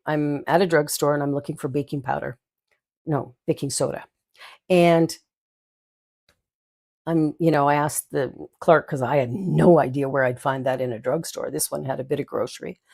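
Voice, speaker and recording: Older female minister-host, low-pitched, storytelling with laughs and asides. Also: gravelly. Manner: warm storytelling with giggles and asides. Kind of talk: inspirational talk.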